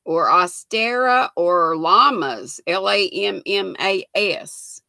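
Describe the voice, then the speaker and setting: A woman's voice: medium pitch, slow pace, gravelly, hardly any pauses, pushed and bright, dry recording. An older woman hosting a casual livestream, chatting with viewers by name and reading trivia aloud. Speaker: livestream host.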